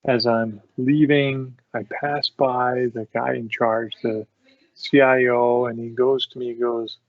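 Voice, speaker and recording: A podcast host speaks slowly with a flat delivery in a medium-pitched voice, casually telling work stories and often dissolving into laughter. The dull lo-fi recording is dry, with no room sound.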